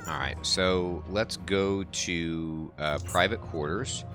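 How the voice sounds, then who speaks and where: A man's voice: deep voice, takes it slowly, music in the background. A man hosting a game playthrough, rambling and thinking aloud in casual commentary. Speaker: let's play host.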